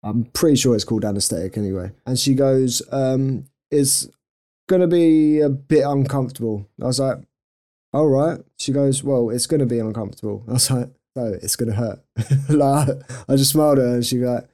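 Young male podcast co-host, warm low-toned voice, self-mocking and giggly. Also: moderate pace. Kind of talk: casual storytelling chat.

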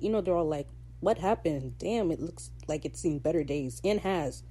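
Woman with a mellow voice, excitable recap. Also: lowish voice, normal speed. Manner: animated, gushing and swearing, with sudden excited outbursts. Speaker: podcast host. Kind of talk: casual episode recap.

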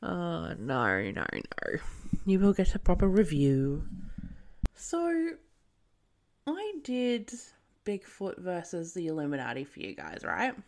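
A woman hosts a podcast and reviews a film in a loose, irreverent monologue. She talks at an unhurried pace and sits a little low in pitch. She swears and laughs easily. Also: wildly swooping pitch, creaky, a little mellow. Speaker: podcast host.

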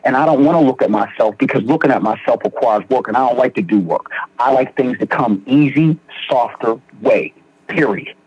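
A young man from Philadelphia recounts his path through recovery with earnest, slangy storytelling and frequent restarts. His voice is husky, and the dry, dull recording sounds lo-fi. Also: medium pitch, lively intonation, brisk, no room sound. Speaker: guest in recovery. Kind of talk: personal testimony in conversation.

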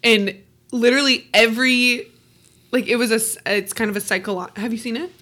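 Woman co-host with a bright, crisp voice, animated and loose in casual chat. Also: a little high, a little fast. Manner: animated storyteller, swears casually, laughs often. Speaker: podcast co-host.

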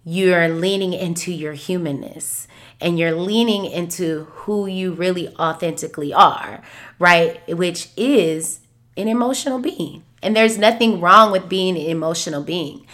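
A woman in her thirties hosting a podcast, talking candidly about feelings, sometimes soft and sometimes animated. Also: fairly low pitch, unhurried. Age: 30s. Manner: candid, expressive, shifts between soft and animated. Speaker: podcast host. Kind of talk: reflective solo podcast talk.

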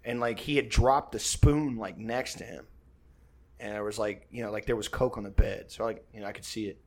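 A man's voice: lowish voice, steady tone, brisk. Man telling a rambling, profane story. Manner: rambling and profane, acts out quotes. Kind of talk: casual storytelling chat.

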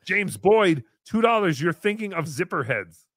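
A man with a high, very lively voice hosts a loose livestream and cracks sarcastic jokes as he reads paid chat messages. His tone is bright, and he swings between loud bursts and mumbled asides on a dry, close mic. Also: measured pace, no echo. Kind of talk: casual livestream banter.

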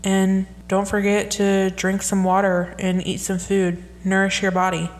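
A young woman talks through tweets on her solo podcast, casual and rambling. Her voice sits at a middle pitch, and she drifts from one aside to the next in easy, chatty talk. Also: monotone, a little slow, slight background noise. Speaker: podcast host.

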